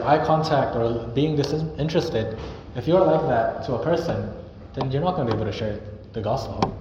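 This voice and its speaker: A young man preaching a sermon in an earnest, conversational way, now and then acting out sample greetings. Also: medium pitch. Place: church hall. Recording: echoey, dull hall recording with noise.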